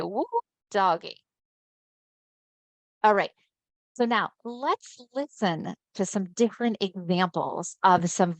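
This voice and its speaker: A woman's voice: on the low side, dry recording. Chatty woman presenting a webinar. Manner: conversational, often checks in with listeners. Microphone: video call mic.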